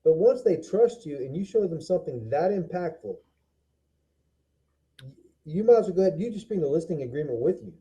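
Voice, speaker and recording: A man's voice: on the high side, animated, a little fast, long pauses, dark tone. A man who works as a real estate agent, speaking in a confident, emphatic way in a casual chat. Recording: dull lo-fi sound.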